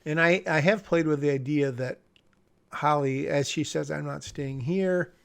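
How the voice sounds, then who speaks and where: A man's voice: a little high, a little slow, vocal fry. A man casually commenting on a screenplay he is revising, rambling and breaking off mid-sentence with small chuckles. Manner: rambling, self-interrupting, chuckles at himself. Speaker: screenwriter vlogger. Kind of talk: casual commentary while screen-sharing a script.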